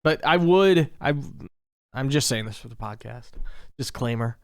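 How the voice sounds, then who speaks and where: Laid-back man, smooth dry voice. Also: medium pitch, expressive, unhurried, no echo. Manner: laid-back, laughs often, slangy. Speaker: podcast co-host. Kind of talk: casual chat.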